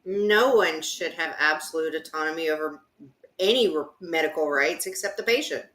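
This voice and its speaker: A woman's voice: sits low, moderate pace, fairly bright tone. A woman contestant answering a game show question bluntly and with strong opinions, over a video call. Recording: roomy echo.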